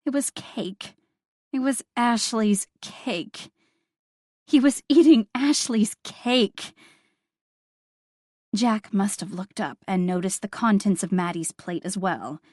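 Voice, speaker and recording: Woman narrator, first-person audiobook, wry and expressive, slow unhurried delivery, dry close sound. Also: mid-range voice, dry recording.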